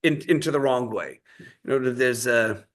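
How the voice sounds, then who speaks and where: A man's voice: medium pitch, measured pace. A man teaching a Torah class in a conversational way, explaining ideas through stories and everyday examples. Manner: conversational, storytelling with quoted voices.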